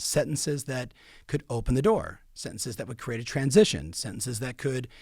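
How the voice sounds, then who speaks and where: A man's voice: medium pitch, animated, moderate pace, gravelly, darkish tone, husky, dry recording, clean studio sound. A middle-aged man giving emphatic coaching advice to real estate agents, repeating key phrases for weight. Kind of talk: coaching talk.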